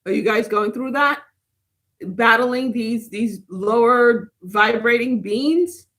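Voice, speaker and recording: A woman with a fairly high voice, talking in a loose, rambling way on a spiritual livestream. She chats casually with viewers and reacts to their comments as they come in. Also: slow pace, a bit bright. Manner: rambling, chatty, reads and answers live comments. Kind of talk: casual live chat with viewers.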